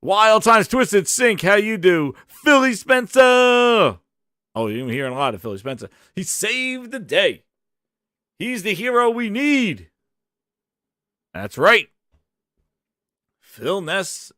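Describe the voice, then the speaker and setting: A man hosting a casual live stream, hyped and shouting out viewers, his voice hoarse after a long day. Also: sits high, no room sound, studio quality. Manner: hyped, shouts out chat names.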